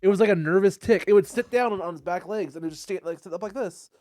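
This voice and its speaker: A man hosting a casual podcast from Oklahoma, telling stories animatedly and jumping into squeaky impressions. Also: fast, background noise. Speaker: podcast host.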